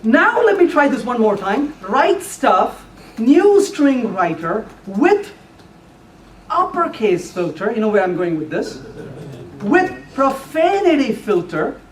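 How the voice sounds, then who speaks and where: Brief: middle-aged male conference speaker, lively and joking, distant mic in a reverberant room with faint background noise. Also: very high voice, slow pace. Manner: playful, teasing the audience with questions. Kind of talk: live technical talk. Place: meeting room before an audience.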